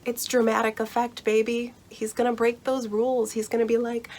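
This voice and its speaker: A woman's voice: fairly high pitch, little pitch movement, normal speed. A young woman casually explaining how to read Shakespeare in a chatty, reassuring way, full of fillers and little laughs. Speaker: book vlogger explaining Shakespeare.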